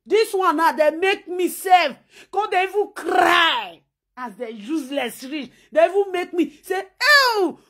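A woman from Nigeria with a Nigerian Pidgin accent, ranting in a scolding, mocking vlog while she sews. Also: sits high. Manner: talks while sewing. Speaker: vlogger.

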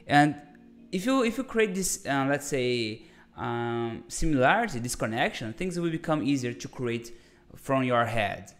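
A man hosts a casual live-stream design lesson from a home desk. He talks in a chatty, friendly way, restarting his sentences and calling viewers "my friend". Soft music plays faintly underneath. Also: mid-range voice, big pitch swings, a little slow, few pauses.

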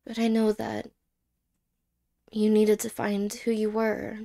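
A woman voicing an apologetic young ex-girlfriend in a whispered role-play, speaking haltingly and softly and slipping into whispers. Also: medium pitch, completely flat delivery, gravelly. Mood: tender. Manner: halting, hesitant, soft-spoken with whispered words.

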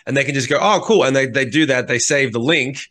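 A man, a podcast co-host and touring musician, telling profane, animated stories in casual chat. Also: mid-range voice. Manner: animated, profane, quick bursts with impressions.

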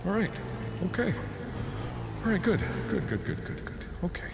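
High, lively man streaming a roleplay game. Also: normal speed, gravelly, noisy background. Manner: animated, joking, eggs on others. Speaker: streamer playing a roleplay character. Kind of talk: in-character roleplay commentary.

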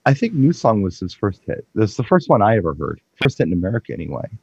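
A low-pitched man with a husky voice, talking in an easygoing, thoughtful way about music as a DJ. The sound is dry and dull, like a lo-fi remote feed. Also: big pitch swings, fast talker, darkish tone, no echo. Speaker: DJ and guest. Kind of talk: casual chat.

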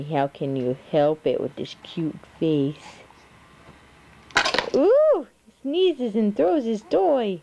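A woman's voice: fairly high pitch, sing-song, slow, creaky, warm tone, highs cut off. A woman, a mother, cooing to her baby in sing-song baby talk on a home video.

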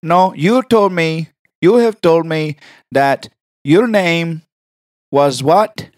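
A dragging, overly polite caller who never finishes his sentences, as a man puts him on. The voice sits a bit higher than a normal man's and the words come out slow and drawn out. It sounds close and dry. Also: dry recording. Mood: slow, mock-polite. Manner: drawn-out, halting, falsely polite. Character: slow, confused male caller who keeps stalling.

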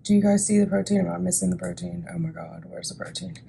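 A woman's voice: on the low side, flat delivery, fast talker, gravelly, mellow, slight background noise. A woman in her thirties chatting casually in a vlog, talking herself through her breakfast and her groceries. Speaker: vlogger.

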